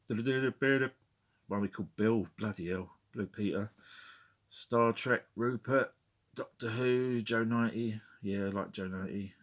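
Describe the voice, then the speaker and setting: A middle-aged man chatting casually as he looks through his record collection, wry and rambling, with muttered asides and snatches of sung tunes. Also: low voice. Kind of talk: casual chat.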